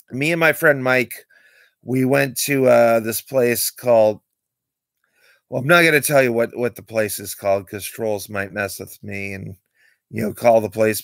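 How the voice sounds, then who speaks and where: A man's voice: mid-range voice, creaky, a bit bright, no room sound. A man rambling through candid stories in a late-night livestream monologue, close to his desk mic. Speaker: streamer.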